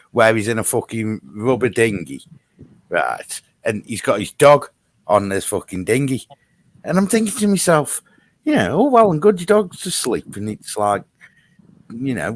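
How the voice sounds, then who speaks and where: A man in a casual online group chat, telling a story animatedly and swearing. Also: medium pitch.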